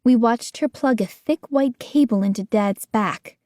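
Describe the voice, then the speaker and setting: A woman reads an audiobook in a measured, unhurried voice that sits a little high. The sound is close and dry, with no room around it. She narrates in the first person and voices the other characters too. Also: mellow, no room sound. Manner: acts out scared young narrator and other characters' lines. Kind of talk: scripted narration.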